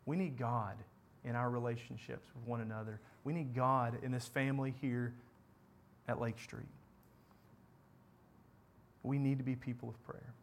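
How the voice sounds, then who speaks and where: A man preaching a sermon, building to impassioned repeated questions and sinking to quiet, earnest prayer. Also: mid-range voice, fairly even intonation, measured pace, long pauses, a little hiss or hum. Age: adult parent.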